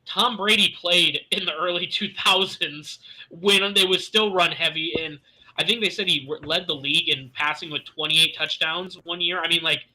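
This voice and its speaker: A man co-hosting a casual sports podcast, talking in excitable, fired-up rants with some swearing. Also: a little high, moderate pace, slight background noise, low-quality recording. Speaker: podcast co-host.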